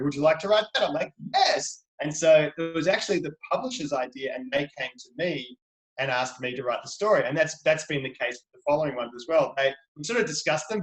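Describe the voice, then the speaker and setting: A man's voice: fairly high pitch, a bit bright, echoey room, poor audio. A middle-aged Australian man, a children's book author, chatting eagerly as a guest on a video call. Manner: chatty, enthusiastic, playful. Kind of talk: video call interview for kids.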